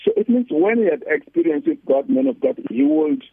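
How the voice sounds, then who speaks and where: A male pastor calling into a radio show, his husky, gravelly voice squeezed through a tinny phone line. He preaches earnestly, leaning on repeated scripture lines with a lively, rising and falling pitch. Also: fairly quick, no room sound. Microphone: phone call-in.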